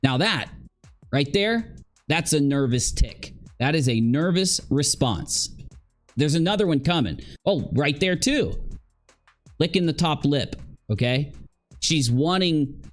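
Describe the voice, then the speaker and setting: A man's voice: fairly high pitch, expressive, slow pace, soft background music. A man giving casual livestream commentary, chatting straight to his viewers and acting out the reactions of the people in the clips.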